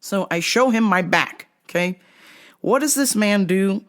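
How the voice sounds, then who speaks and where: Animated, profane podcast storyteller. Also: mid-range voice, measured pace.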